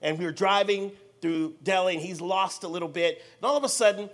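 An American man preaching a sermon, telling a story in an animated, theatrical way and acting out the dialogue. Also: sits high, fairly quick. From United States.

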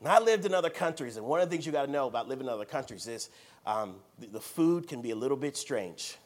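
An American man preaching a sermon, telling a story in an animated, theatrical way and acting out the dialogue. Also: medium pitch, fast talker. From United States.

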